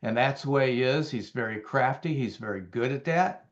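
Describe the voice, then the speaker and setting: A man's voice: mid-range voice, normal speed, dull audio. A man teaching from the Bible in a conversational way, reading verses aloud and explaining them with emphatic repeats and the odd filler.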